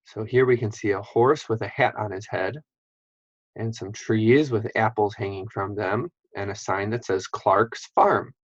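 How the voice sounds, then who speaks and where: A man teaching a phonics lesson to young children, reading word lists slowly and clearly. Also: on the low side, no room sound, lo-fi sound.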